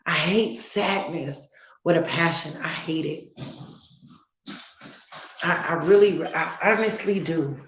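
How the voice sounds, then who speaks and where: A woman content creator speaking earnestly and emotionally on a live stream, halting as she talks. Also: deep voice, roomy sound, a little hiss or hum, rough recording. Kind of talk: heartfelt live-stream talk.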